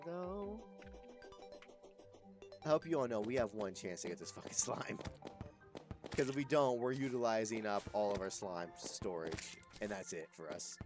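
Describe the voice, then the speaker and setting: Sleepy, swearing male game streamer. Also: mid-range voice. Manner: swears constantly, chats with viewers. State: sleepy, stuffy nose. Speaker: gaming streamer. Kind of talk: casual gameplay commentary.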